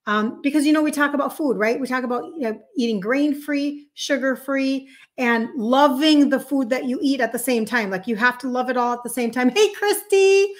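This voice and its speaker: A woman's voice: high voice, fairly even intonation, fairly quick, hardly any pauses. A woman in her fifties from Minnesota with a Minnesotan accent, hosting a chatty live stream as a health coach, greeting viewers and answering their comments as they come in. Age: 50s.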